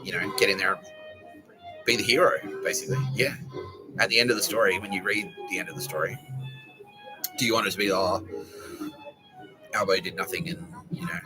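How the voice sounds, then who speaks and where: A man's voice: on the low side, rough recording. An Australian man hosting a podcast, rambling in a casual, sweary monologue full of slang and laughter. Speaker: podcast host.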